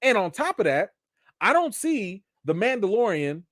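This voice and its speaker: A man's voice: high-pitched, very animated, normal speed, fairly bright tone, no room sound, studio quality. A man hosting a casual live chat, explaining his views at length with restarts and asides and answering questions from viewers. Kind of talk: casual live-stream commentary.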